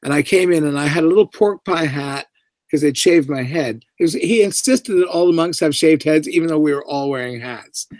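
Man, middle-aged, actor guest, animated storytelling, somewhat high voice, dry close sound. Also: brisk, dry recording. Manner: animated, acts out quoted voices with big pitch jumps. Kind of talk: anecdotal storytelling.

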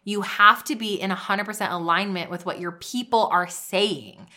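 A woman's voice: medium pitch, sing-song, normal speed, few pauses, pushed and bright. A woman hosting a podcast, giving an upbeat pep-talk style coaching monologue. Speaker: podcast host and business coach.

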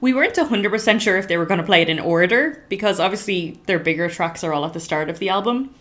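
A woman's voice: medium pitch, expressive, quick pace, a bit bright. A woman, chatting casually as a podcast co-host and laughing often. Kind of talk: casual chat.

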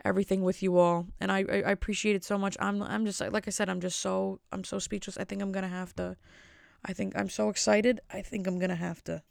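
A woman hosts her podcast from home in a loose, rambling chat and pokes fun at herself as she goes. Her voice has a gravelly, fry-tinged edge. The sound is dry and close, with no room echo. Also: medium pitch, little pitch movement, quick pace. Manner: rambling, self-mocking jokes. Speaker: podcast host. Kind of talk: casual solo podcast chat. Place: at home with family asleep.

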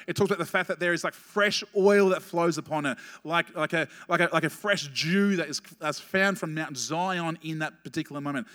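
A man preaching a sermon as pastor, telling a story with quick, animated asides and laughing at his own jokes. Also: fairly high pitch. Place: church hall. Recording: long reverb of a church hall.

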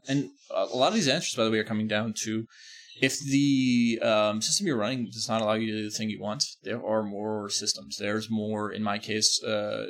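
A man hosts a podcast in loose conversation. His voice is low with a gravelly rasp. He rambles, stresses his points and corrects himself mid-sentence. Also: fairly bright tone. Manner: rambling, emphatic, self-correcting. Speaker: podcast host. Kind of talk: casual podcast chat.

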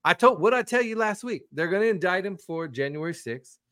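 A man co-hosting a casual political podcast, chatty and quick to jump in with asides. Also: sits high, lively intonation, fairly bright tone. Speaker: podcast co-host.

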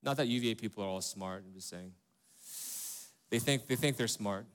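A man's voice: on the low side, a little fast. A man preaching a sermon as pastor, talking in a conversational way and asking rhetorical questions, often checking in with "right?" and "okay?".

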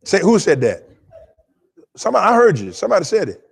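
A male pastor preaching in a high, very lively voice. He draws the congregation into call-and-response and piles up repeated words for emphasis. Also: quick pace, creaky, breathy edge. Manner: stammering repetitions while building emphasis. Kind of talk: sermon.

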